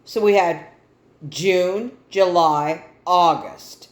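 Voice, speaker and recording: A woman's voice: medium pitch, takes it slowly. A middle-aged woman earnestly telling a personal story and acting out the dialogue as she retells it. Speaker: guest telling her life story. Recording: roomy echo.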